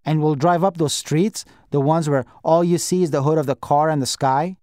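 A man's voice: on the high side, fairly even intonation, moderate pace, dark tone, dry recording, clean studio sound, natural voice. A man voicing a frightened young orphan boy who pleads with a breaking voice. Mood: hopeful.

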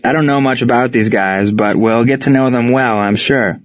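A man reads the part of a composed wartime baseball coach, speaking in plain, measured sentences meant to steady his players. His calm voice sits at an everyday middle pitch, close to a normal speaking voice, and the recording is slightly dull and lo-fi.

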